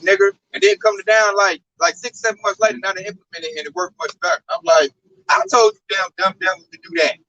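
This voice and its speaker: A man in a casual religious talk, preaching in an animated, profane way. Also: very high-pitched, low-quality recording. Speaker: religious talk show speaker.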